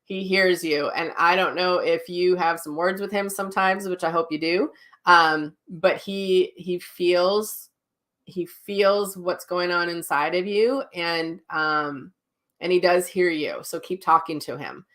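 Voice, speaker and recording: A woman hosting psychic readings in a gentle, reassuring voice, full of ums and restarts, relaying messages in quoted voices. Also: lowish voice, steady tone, unhurried. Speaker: psychic medium host. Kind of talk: live-streamed readings.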